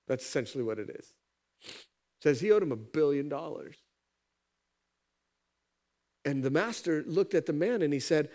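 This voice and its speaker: A man preaching a sermon, his voice sitting a bit higher than most men's. He tells a parable with lively energy, jumping up in pitch whenever he acts out the characters, then dropping low and quiet for the serious points. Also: quick pace. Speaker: pastor.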